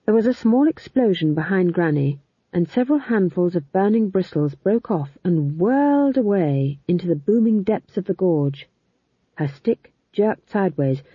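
A woman narrating an audiobook in a lively, expressive reading. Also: medium pitch, husky, no room sound. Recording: tinny phone-like sound.

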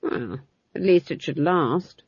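A woman's voice: sits low, expressive, takes it slowly, darkish tone, slightly rough, no room sound, exaggerated voice. A woman playing a stern, disapproving old witch. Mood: brusque. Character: stern elderly female witch, dry and proud. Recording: dull lo-fi dry recording.

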